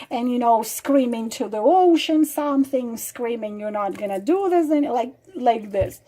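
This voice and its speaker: A woman's voice: high voice, dark tone. Earnest woman warning about manipulators. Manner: earnest, warning, many fillers and repeated examples. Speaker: relationship advice vlogger. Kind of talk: direct-to-camera advice talk.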